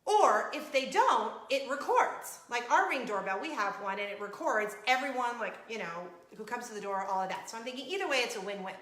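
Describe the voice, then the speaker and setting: A middle-aged woman hosting a casual vlog, telling a story in an animated way and laughing as she acts out scenes. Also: a little high, a little fast, few pauses. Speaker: vlog show host. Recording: echoey room.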